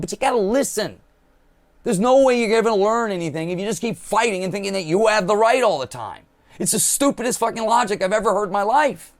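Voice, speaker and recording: A man delivering a blunt, profane political monologue, mocking others with quoted voices as he rants. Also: sits high. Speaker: political commentator. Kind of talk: impassioned monologue.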